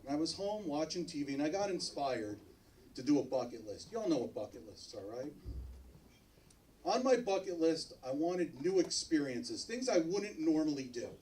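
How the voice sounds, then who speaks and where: Animated male stand-up comic. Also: on the high side, recorded from a distance, slight background noise, rough recording. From New Jersey, US. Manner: animated, acts out other characters in his jokes. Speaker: stand-up comedian. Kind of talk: stand-up comedy set. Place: comedy club stage.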